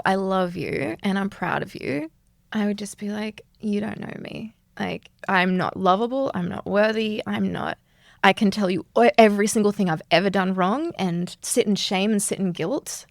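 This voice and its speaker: Gravelly woman, earnest and animated. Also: medium pitch, normal speed, no room sound, studio quality. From Australia. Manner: earnest, animated, laughs often. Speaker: yoga instructor, guest. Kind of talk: reflective conversational interview.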